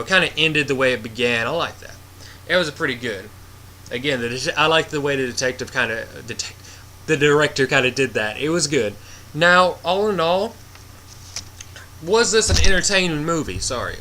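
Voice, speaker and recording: A man talks through a movie review in loose, rambling fashion, retelling the plot with plenty of animation and blunt asides. His voice is bright and pushy. A faint hiss of noise sits behind him. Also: mid-range voice. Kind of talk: casual spoiler review.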